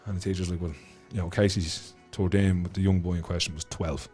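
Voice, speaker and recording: Speaking in a low voice at a fairly quick clip, this Irish guest from Dublin, an author and school speaker, spins animated stories in a relaxed studio podcast conversation. He is blunt and swears freely. Faint music plays behind him.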